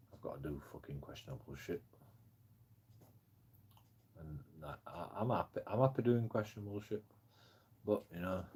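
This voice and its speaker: Swearing, ranting man, husky voice. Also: extremely low pitch, darkish tone. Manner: angry, swearing, rambling with many fillers. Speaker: livestreaming auditor. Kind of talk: ranting live stream monologue.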